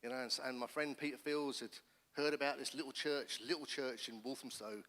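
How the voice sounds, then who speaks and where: A middle-aged man, a pastor, giving his testimony in church with earnest, animated storytelling. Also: mid-range voice, a little fast. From England. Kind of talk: personal testimony sermon. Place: church hall. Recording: long church hall reverb.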